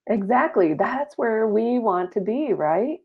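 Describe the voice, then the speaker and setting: Slow and husky, with a little high pitch and lively intonation, a woman speaks earnestly and reflectively as a guest on a spiritual talk show. She laughs lightly at times, and the audio has a dull lo-fi quality.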